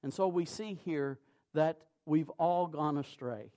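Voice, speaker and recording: A man preaching a sermon, reading scripture in a measured cadence and rising to loud, emphatic peaks. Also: on the high side.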